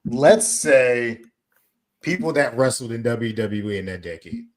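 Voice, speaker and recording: A man co-hosting a casual wrestling podcast, upbeat and relaxed, drawing words out when he stresses them. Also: medium pitch, unhurried. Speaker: podcast co-host. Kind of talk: casual chat.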